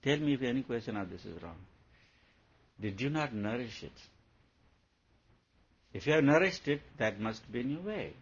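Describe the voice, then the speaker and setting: A man's voice: mid-range voice, lively intonation, moderate pace, long pauses, breathy edge. A man, a spiritual teacher talking to followers in a playful, laughing way, acting out everyday scenes. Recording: dull lo-fi recording, faint background hum.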